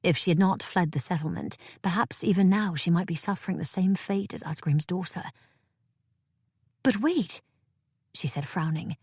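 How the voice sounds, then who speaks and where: A woman narrating an audiobook in calm, even scripted storytelling. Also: fairly low pitch, fairly quick, few pauses, breathy edge, dry recording, clean studio sound.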